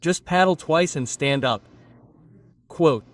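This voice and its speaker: A man's voice: fairly high pitch, slow pace. A man doing stand-up comedy, telling a story and acting out the scenes and the other people in it. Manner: animated, acts out scenes and quotes others. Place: comedy stage before a live audience. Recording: stage voice heard from a distance with a laughing crowd. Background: audience laughter.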